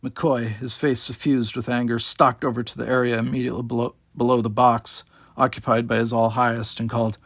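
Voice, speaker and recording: Male narrator, measured audiobook read, mid-pitched, dry close mic. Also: dry recording. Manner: steady, measured reading.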